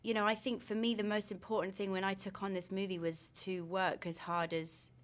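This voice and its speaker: A woman's voice: medium pitch, little pitch movement, a little fast. A woman, an actress, answering questions in a film press interview with enthusiastic, gushing storytelling.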